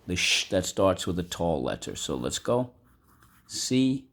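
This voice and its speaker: A man teaching a vocabulary lesson from home, repeating words slowly for students to echo. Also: sits low, big pitch swings, a bit bright. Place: home room.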